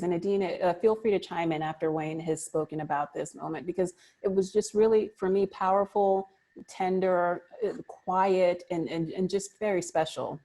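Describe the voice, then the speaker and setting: Lady hosting a zoom press panel, lowish voice, gushing, laughs a lot. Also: mellow. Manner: effusive, quick to laugh. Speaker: panel moderator. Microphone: video call.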